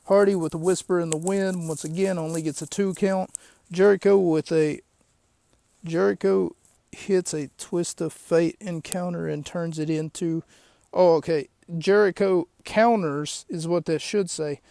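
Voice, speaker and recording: A man's voice: on the high side, fairly even intonation, unhurried, creaky, mellow, no echo. A man hosting a podcast, recapping a show in a rambling, chatty way with lots of asides. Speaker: podcast host. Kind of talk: casual recap of a wrestling show.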